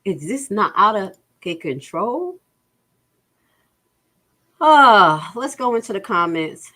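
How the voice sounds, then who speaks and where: Her voice is mid-range, sing-song, and sharp, and she takes her time. As a livestream host on a casual stream, she bluntly and wearily goes through budget figures while reading out the chat.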